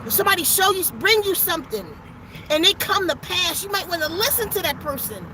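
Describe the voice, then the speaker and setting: High-voiced woman preaching an angry rant. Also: very animated, brisk, heavy background noise. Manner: emphatic, preachy, profane. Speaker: channel host giving a spiritual message. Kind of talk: casual rant to camera.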